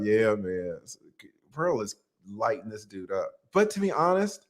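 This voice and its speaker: A man's voice: mid-range voice, big pitch swings, moderate pace. A man hosting a livestream, joking and laughing often as he reads viewer super chats aloud in casual chat.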